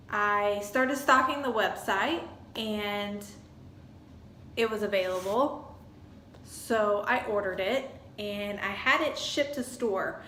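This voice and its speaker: A woman's voice: mid-range voice, a bit bright. Woman, chatty storyteller, echoey room, faint background hum. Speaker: vlogger. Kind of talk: casual storytelling review.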